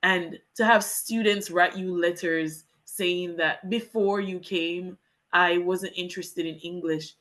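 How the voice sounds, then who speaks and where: A woman's voice: lowish voice, fairly even intonation, slow, a bit bright. A young woman from Jamaica, a guest telling a heartfelt personal story about teaching English in Japan. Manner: earnest and heartfelt, talks in long winding sentences. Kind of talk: candid personal storytelling in a podcast interview.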